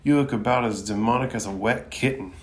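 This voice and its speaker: A man voicing a scheming, greedy male crime boss from an anime, reading his lines in a slow, mocking way. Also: medium pitch, lightly acted. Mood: gloating.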